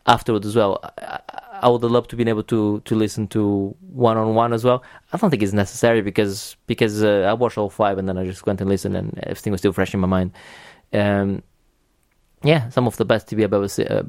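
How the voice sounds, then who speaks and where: A man's voice: on the low side, a little mellow, no echo, clean studio sound. A man hosting a podcast in casual chat, talking enthusiastically with many restarts and casual swearing. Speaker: podcast host.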